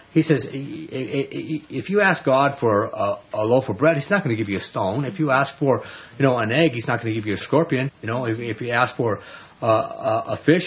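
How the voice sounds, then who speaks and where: A man preaching a sermon, telling family stories in an animated way, acting out quoted voices and often restarting his words. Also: medium pitch. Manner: animated storytelling, acts out quoted voices, frequent stammered restarts. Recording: dull lo-fi recording.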